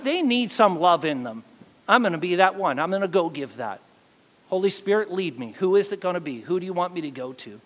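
A man preaching a sermon as pastor, animated and acting out quotes to his congregation. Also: sits high, fairly quick, in a large hall.

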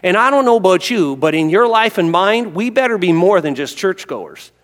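A pastor preaching to his congregation, his voice sitting a little high for a man. He swings from loud, animated bursts to hushed storytelling. The sound carries a long reverb from a large hall. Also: moderate pace. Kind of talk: sermon.

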